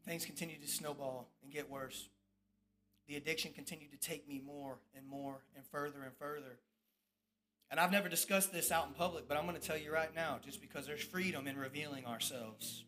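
A man preaching his own testimony as a sermon, swinging between loud bursts and hushed, low confessions as he tells his story. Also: brisk. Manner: storytelling with acted-out quoted voices.

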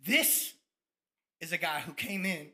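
A man, giving a fired-up testimony sermon about his ministry, at times dropping to soft reflective tones. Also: fairly high pitch, measured pace. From Tampa, Florida. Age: 30s.

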